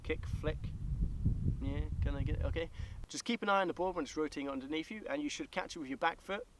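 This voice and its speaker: A man's voice: fairly high pitch, quick pace, low-quality recording. A young man vlogging casually about skateboard tricks, chatty and loose with lots of fillers. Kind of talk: casual tutorial talk. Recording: outdoor recording with loud background noise.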